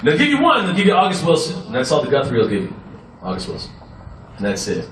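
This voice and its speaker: A man's voice: on the high side, huge pitch swings, quick pace, a bit bright, rough recording. Guy talking at a street rally, sarcastic and pointed, cars going by. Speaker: protest speaker, actor. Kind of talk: rally speech. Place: outdoor protest by a street. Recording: outdoor street with traffic noise.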